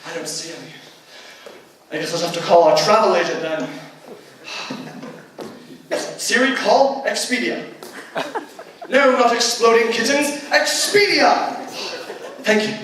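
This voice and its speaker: A teenage emcee playing a pompous, bumbling explorer in a stage comedy skit, blustering and exasperated. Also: male voice, sits high, unhurried, long pauses, fairly bright tone. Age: teens. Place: school auditorium stage. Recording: echoey auditorium from far off, noisy.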